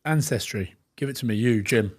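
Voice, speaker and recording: Fast-talking Glaswegian man running a quiz. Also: medium pitch. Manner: bossy, fast, game-show quizzing. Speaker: quiz runner on a podcast. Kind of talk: casual chat.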